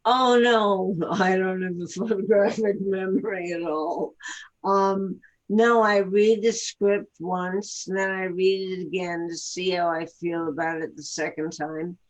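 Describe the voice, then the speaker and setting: A woman from the Bronx with a New York accent, chatting slowly and laughing easily as a guest actress on a live video chat. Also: mid-range voice. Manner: slow, relaxed, laughs easily.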